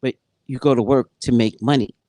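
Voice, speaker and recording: A woman who works as a psychic, reading from a spiritual book and commenting on it, acting out dialogue like an animated storyteller. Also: very deep voice, brisk, dry recording.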